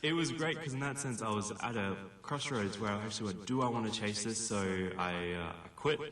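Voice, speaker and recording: A man's voice: fairly low pitch, fairly quick, fairly bright tone, roomy sound, distant mic. An Australian man from Perth, a filmmaker guest on a radio interview, talking earnestly with many fillers and restarts. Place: radio studio.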